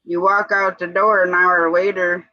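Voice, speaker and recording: A woman's voice: lowish voice, level tone, measured pace, dry recording, highs cut off. A woman hosting a live stream, chatting casually in an easygoing way with short replies. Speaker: host. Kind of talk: casual chat.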